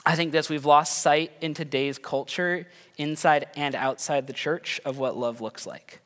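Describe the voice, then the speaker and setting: Man, 30s, pastor, casual sermon, bright ringing voice, slightly high, long hall reverb. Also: steady tone, unhurried. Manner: conversational, self-deprecating, tells family stories.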